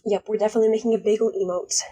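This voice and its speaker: A woman's voice: medium pitch, fairly even intonation, rapid-fire, dark tone, poor audio. A young woman streamer chatting casually and rambling bluntly, swearing now and then. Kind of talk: casual live-stream chat.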